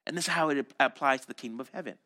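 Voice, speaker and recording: A man's voice: mid-range voice, racing, bright, forceful tone. A man preaching a sermon as a pastor, telling the story animatedly and acting out the voices of crowds and disciples.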